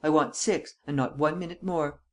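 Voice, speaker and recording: An audiobook narrator reading the lines of a calm, cool-headed chief detective in a deliberate way. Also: mid-range voice, close to an everyday voice.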